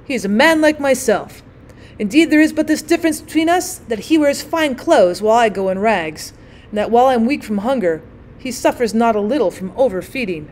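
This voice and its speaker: A woman's voice: a little high, expressive, brisk, a little mellow, lightly acted. A woman voicing a bitter, starving male weaver who speaks angrily in archaic words. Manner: angry, bitter, archaic speech.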